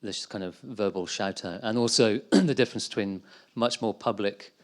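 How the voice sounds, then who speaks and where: Male conference host, lowish voice, thoughtful and halting. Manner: hesitant, with many fillers and restarts. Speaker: conference host asking a question. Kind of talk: casual conference Q&A.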